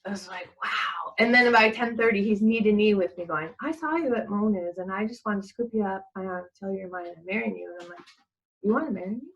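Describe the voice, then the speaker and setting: A woman's voice: medium pitch, brisk, hardly any pauses, a bit bright, dull audio. A middle-aged woman, a guest in a casual chat, telling a rambling story, laughing often and acting out what people said.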